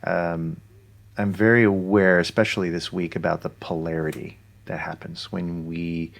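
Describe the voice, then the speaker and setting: A man co-hosting a podcast, reflecting calmly and explaining his ideas in casual conversation. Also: low-pitched, moderate pace, gravelly. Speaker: podcast co-host.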